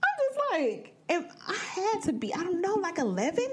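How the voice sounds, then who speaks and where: A young woman from the American Midwest hosting a podcast, telling a personal story in a blunt, profane and animated way. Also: very high-pitched, moderate pace, few pauses. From Midwestern United States. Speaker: podcast host. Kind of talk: candid storytelling monologue.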